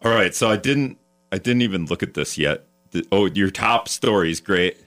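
A man's voice: low voice, animated, moderate pace, a bit bright, faint music behind. Joking male radio talk host. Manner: joking, rambling with restarts. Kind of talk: casual radio chat. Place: radio studio.

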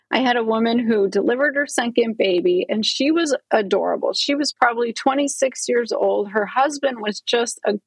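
A woman's voice: a little high, husky, no room sound, rough recording. A middle-aged woman gynecologist, a podcast guest, earnestly explaining hormones and telling stories about patients. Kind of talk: interview storytelling.

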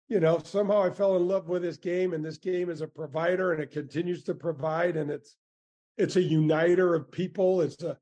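Warm, mellow-voiced golfer in his sixties telling stories. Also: fairly high pitch. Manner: animated, grateful storyteller with many restarts. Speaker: former tour golfer, guest. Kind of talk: casual storytelling interview.

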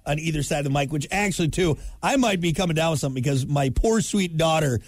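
A man co-hosting a radio morning show, trading jokey, animated banter. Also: fairly high pitch, fast, no echo. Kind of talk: casual chat.

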